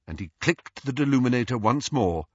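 A man narrating an audiobook with expressive storytelling delivery. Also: medium pitch, fairly quick, no room sound. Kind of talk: scripted narration. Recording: dull lo-fi recording, dry.

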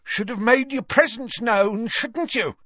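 A man's voice: sits high, sing-song, takes it slowly, sharp tone, slightly rough, dry recording, pitched above the performer's own voice, exaggerated voice. A man voicing an aggressive, sneering elderly man in a dull, dry recording. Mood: hostile. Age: older. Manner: snarling, hostile. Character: aggressive elderly male cottage-dweller, sneering.

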